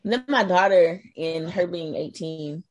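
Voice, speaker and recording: A middle-aged Iowa woman talks a little slowly in a fairly low voice, and the recording is muffled. As a guest in a casual conversation about her life, she's chatty and prone to laughing, sometimes trailing off into doubt.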